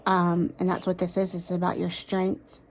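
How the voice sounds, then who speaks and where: A woman giving a casual tarot card reading to her viewers, halting and full of "um"s. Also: on the low side, monotone. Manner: halting, many "um"s, emotional. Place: home room with a desk.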